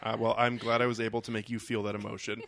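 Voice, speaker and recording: A man's voice: lowish voice, level tone, quick pace, vocal fry, crowd noise. A young man hosting a podcast, chatting loosely about movies and swearing casually. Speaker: podcast host. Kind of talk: casual chat.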